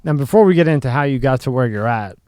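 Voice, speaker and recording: A man hosting a casual interview, asking relaxed, conversational questions. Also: mid-range voice, quick pace, slight background noise. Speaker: interview host.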